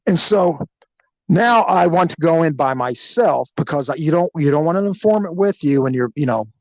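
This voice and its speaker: A man hosting a podcast, telling a story in an animated, crude, joking way. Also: on the high side, normal speed, no room sound, dull audio. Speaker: podcast host.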